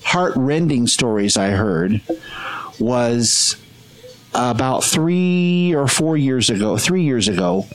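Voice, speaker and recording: A man's voice: medium pitch, expressive, takes it slowly, rough recording. A middle-aged man, a street portrait photographer, earnestly telling stories in a podcast chat and acting out the voices of the people he quotes. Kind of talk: conversational storytelling.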